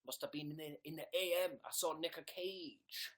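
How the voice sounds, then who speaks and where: A man's voice: a little high, lively intonation, moderate pace, fairly bright tone. A young man, chatting casually and playfully on a livestream while reading viewer comments aloud. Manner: silly, playful. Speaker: livestream host.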